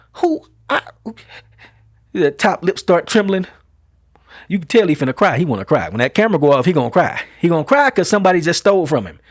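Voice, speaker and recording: A middle-aged show host delivers an emphatic opinion monologue packed with rhetorical questions and folksy vernacular. His voice is fairly high-pitched, in a dry, clean studio recording.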